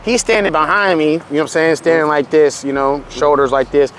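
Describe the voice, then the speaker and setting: Man with a californian accent, fast talker, slightly high voice, animated and profane, acting out quotes, casual storytelling outdoors. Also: slight background noise. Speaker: streamer guest.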